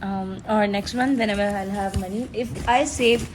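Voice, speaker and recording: A woman's voice: mid-range voice, normal speed, slight background noise. A teenage girl, chatting casually and gushing through an unboxing, often giggling. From Pakistan. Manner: gushing, giggly, excitable fan talk. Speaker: vlogger.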